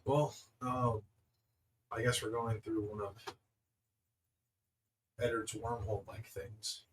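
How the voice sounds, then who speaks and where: A man's voice: fairly low pitch, fairly even intonation, takes it slowly, a little hiss or hum, poor audio. A man playing a tabletop game, speaking hesitantly with plenty of fillers. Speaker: player.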